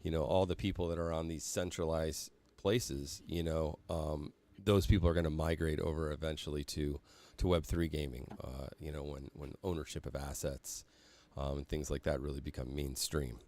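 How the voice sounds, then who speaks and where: A man's voice: a bass voice, steady tone, moderate pace, a little mellow. A man hosting a casual podcast, talking in a rambling way with frequent fillers and laughter. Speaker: podcast host. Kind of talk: casual chat.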